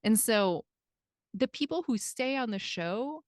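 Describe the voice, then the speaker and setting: A woman's voice: a little high, measured pace, no echo, clean studio sound. A woman with a Midwestern accent hosting a podcast, chatting casually as a life coach and acting out quoted lines. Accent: American Midwestern. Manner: chatty, animated, acts out quotes.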